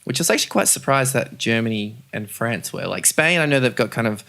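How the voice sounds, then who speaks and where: A man's voice: medium pitch, expressive, quick pace, gravelly, sharp tone. A young man hosting a casual podcast discussion, chatty and hesitant with many fillers. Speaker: podcast host.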